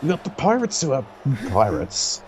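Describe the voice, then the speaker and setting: A man's voice: mid-range voice, huge pitch swings, normal speed, a crowd in the background. A man doing joking, casual play-by-play commentary, sarcastic and swearing freely.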